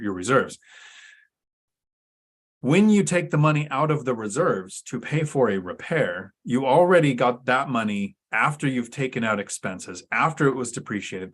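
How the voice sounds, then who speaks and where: A man's voice: lowish voice, fairly bright tone, breathy edge. A man co-hosting a talk show, explaining things in a casual, teacherly way with sarcastic asides. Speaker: podcast co-host.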